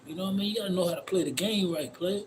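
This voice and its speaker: A man's voice: high voice, very fast, background noise. A man streaming live outdoors, telling a long, blunt, profane story in a loose, rambling way and repeating "you know what I mean" constantly. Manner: blunt, profane street talk. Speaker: livestreamer. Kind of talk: casual livestream monologue. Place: outdoors in the cold.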